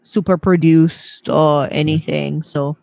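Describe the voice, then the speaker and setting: A woman's voice: deep voice, fairly even intonation, slow pace, creaky, dark tone, no echo, studio quality. A woman co-hosting a podcast in casual chat, giggly and chatty. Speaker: podcast co-host.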